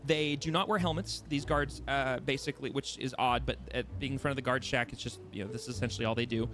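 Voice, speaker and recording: A man's voice: mid-range voice, fast, few pauses. Hesitant man narrating as game master. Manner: hesitant, many ums and restarts, descriptive.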